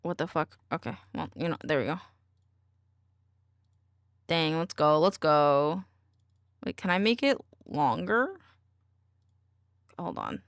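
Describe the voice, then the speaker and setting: A woman's voice: sits low, sing-song, slow, creaky, pauses often, no echo, clean studio sound. A woman streamer in casual live-stream chat, goofy and teasing as she talks at her desk microphone.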